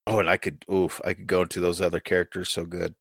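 A man's voice: sits low, little pitch movement, fast, vocal fry, a bit bright, breathy edge, no room sound, studio quality. A man in his thirties co-hosting a podcast, chatting playfully and rambling with goofy asides. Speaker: podcast co-host. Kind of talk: casual chat.

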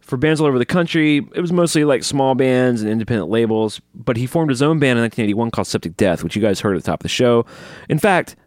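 A man hosting a podcast in casual chat, telling stories with lively acted-out quotes. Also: mid-range voice, quick pace, no room sound, studio quality. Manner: animated storyteller, acts out quotes. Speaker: podcast host.

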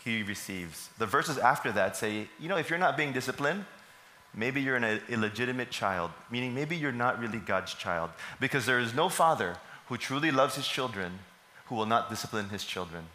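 A man's voice: medium pitch, lively intonation, normal speed, bright, forceful tone, a little hiss or hum. A man, preaching a sermon and putting questions to the congregation that he answers himself. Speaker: pastor. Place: church service hall. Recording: echoey hall.

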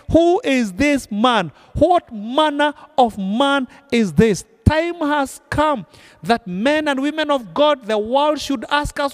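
Very high-voiced fervent male preacher. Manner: fervent, repetitive decrees. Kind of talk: sermon and prayer.

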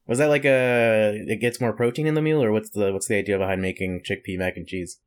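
A man co-hosting a podcast in casual chat, easygoing and quick to laugh, often rambling. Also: on the low side, steady tone. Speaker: podcast co-host.

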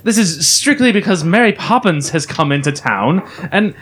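A man's voice: a little high, lively intonation, racing, darkish tone, husky. A man putting on a pompous male expert voice in a comedy bit. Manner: fussy, blustering.

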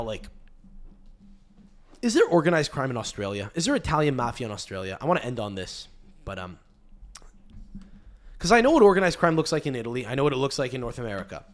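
A man hosting a casual podcast, rambling and swearing freely, with frequent restarts. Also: medium pitch. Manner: rambling, profane, restarts often. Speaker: podcast host.

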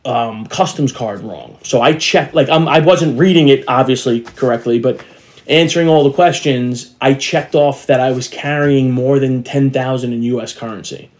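A man's voice: mid-range voice, moderate pace. A middle-aged man co-hosting a casual podcast, telling rambling stories and acting out the voices of people he met. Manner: rambling storyteller, acts out quoted voices. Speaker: podcast co-host. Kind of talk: casual chat.

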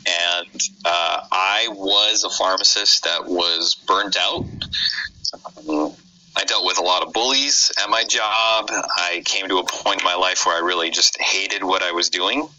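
Low-voiced Midwestern man on a muffled call. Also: unhurried, sharp tone, slight background noise. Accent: Midwestern American. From United States. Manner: friendly, upbeat, chatty. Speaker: pharmacist and career coach guest. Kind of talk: casual remote interview.

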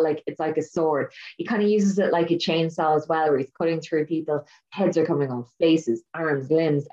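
Low-voiced woman telling a story. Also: highs cut off. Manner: animated storyteller, laughs often. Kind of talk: casual chat.

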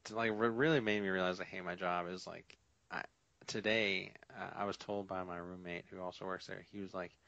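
A man's voice: low voice, little pitch movement, brisk, gravelly, fairly bright tone, dry recording. A young man co-hosting a podcast, chatting casually and telling stories about his coworkers. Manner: storytelling, quoting coworkers. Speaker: podcast co-host. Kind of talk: casual chat. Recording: dull lo-fi sound.

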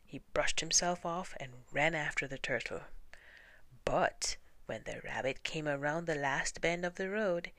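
A woman reading children's stories aloud in a soft-spoken ASMR style. She is gentle and often half-whispers. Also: low-pitched, unhurried, no echo. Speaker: storyteller.

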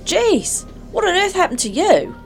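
A woman playing a soft, cooing adventurer woman. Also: very high-pitched, huge pitch swings, measured pace, creaky, soft background music, pitched above the performer's own voice, exaggerated voice. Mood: startled. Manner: soothing, cooing. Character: tender young woman comforting a small creature.

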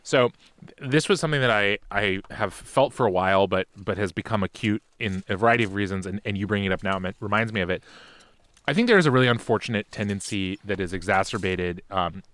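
A man's voice: fairly low pitch, fast talker, a bit bright, no echo. Impassioned, rambling man on a podcast. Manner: impassioned, rambling with many restarts. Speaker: podcast co-host. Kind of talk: casual chat.

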